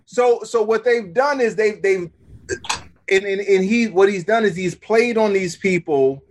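Brief: high-pitched male guest calling in remotely, animated storyteller who trips over his words. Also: a little slow, slight background noise. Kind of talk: casual political chat. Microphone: remote call.

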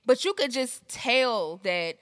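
A woman co-hosting a podcast in casual chat, with profane, animated storytelling. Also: a little high, takes it slowly, clear, resonant tone, dry recording, clean studio sound. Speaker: podcast co-host.

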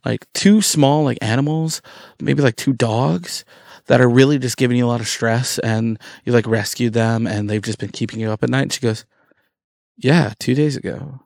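A man chatting casually as a guest, telling a story with lively acted-out quotes and many fillers. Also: mid-range voice, normal speed, gravelly, no echo, studio quality. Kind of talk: casual chat.

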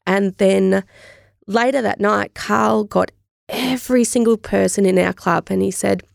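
An Australian woman with a heavily gravelly, creaky voice tells her story as an interview guest. She speaks candidly and with animation, and often acts out remembered conversations. The recording is close and dry. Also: mid-range voice, steady tone, unhurried, no echo.

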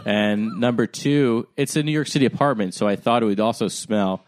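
A man's voice: fairly low pitch, fairly quick. A young man co-hosting a podcast, telling a rambling, self-deprecating story in a casual way, full of "like" and "um". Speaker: podcast co-host.

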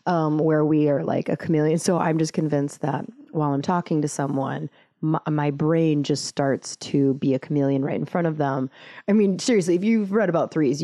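Female podcast host, mellow low-ish voice, casual self-deprecating tangents, dry close sound. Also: no echo. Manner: rambling, self-mocking, full of tangents and fillers. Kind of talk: casual podcast intro monologue.

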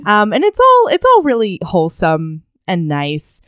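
Lively, expressive woman chatting. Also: medium pitch, a little slow, smooth, dry recording, studio quality. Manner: animated, laughs often, acts out characters. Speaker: podcast co-host. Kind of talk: casual book discussion.

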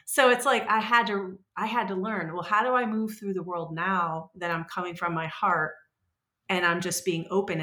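A woman in her forties, a podcast guest telling stories in a rambling, animated way and acting out the voices she quotes. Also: on the low side, echoey room. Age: 40s. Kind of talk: casual conversational storytelling.

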